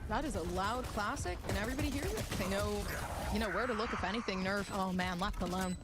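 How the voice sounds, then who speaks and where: A woman casting an esports match, giving quick, enthusiastic play-by-play with fillers. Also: mid-range voice, heavy background noise. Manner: rapid, enthusiastic, many fillers. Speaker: esports caster. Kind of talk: fast play-by-play commentary.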